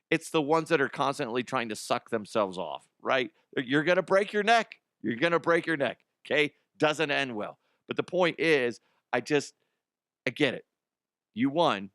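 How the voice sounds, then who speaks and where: Medium in pitch and a bit bright, this sports talk host sounds dry and studio-clean. Swearing and sarcastic, he mocks fans and players with impressions while cracking himself up.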